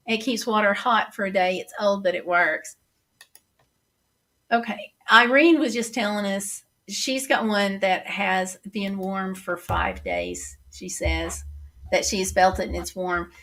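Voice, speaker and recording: A woman's voice: mid-range voice, fairly bright tone. A middle-aged woman with a Southern accent hosting a casual livestream, chatting and reading viewer comments aloud. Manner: chatty, reads comments aloud and answers them.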